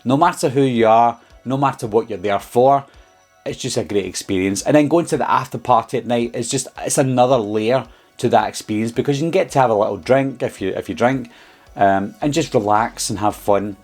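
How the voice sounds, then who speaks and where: A man's voice: medium pitch, brisk, darkish tone, faint music behind. Chatty Scottish man vlogging. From Scotland. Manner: chatty and rambling, with frequent um and uh. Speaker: horror YouTuber. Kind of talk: casual vlog storytelling.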